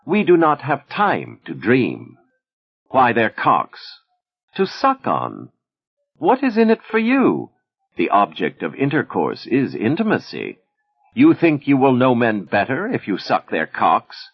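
A man's voice: mid-range voice, wildly swooping pitch, takes it slowly, creaky, slightly rough, pitched above the performer's own voice, full character voice. A man doing a wry, defiant Soviet woman poet. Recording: dull lo-fi recording.

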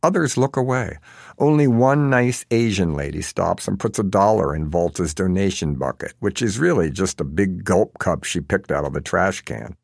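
A man's voice: deep voice, lively intonation, normal speed, vocal fry, no room sound, studio quality. A man narrating an audiobook in a wry, sardonic manner.

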